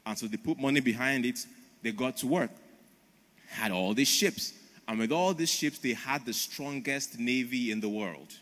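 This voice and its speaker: A man delivering a sermon with emphatic, storytelling energy at an ordinary pitch for a man. His voice carries the long reverb of a large church auditorium. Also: normal speed, a bit bright. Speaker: preacher. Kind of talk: conference sermon.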